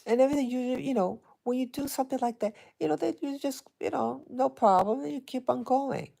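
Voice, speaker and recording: A woman vlogger telling a personal story to her viewers in a hesitant, halting way, with many restarts. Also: high-pitched, fairly even intonation, gravelly, dark tone. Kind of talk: casual personal storytelling to camera.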